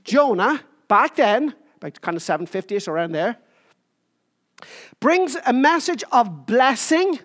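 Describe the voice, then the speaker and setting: Woman preacher, sermon, emphatic repeated phrases, fairly high voice. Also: big pitch swings, measured pace, a bit bright. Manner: jokes about squeaking into a higher voice.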